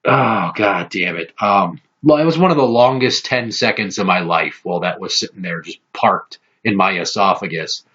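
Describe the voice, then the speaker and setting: A man with a low, husky voice hosts a podcast and spins profane, animated stories. He talks with a hard, forceful edge. The audio is dull and lo-fi. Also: normal speed, hardly any pauses. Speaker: podcast host. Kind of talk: casual podcast storytelling.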